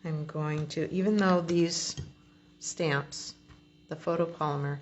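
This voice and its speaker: A woman demonstrating card making, explaining each step in a relaxed, chatty way as she works. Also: deep voice, slow, muffled recording, a little hiss or hum. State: has the hiccups. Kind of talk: crafting tutorial.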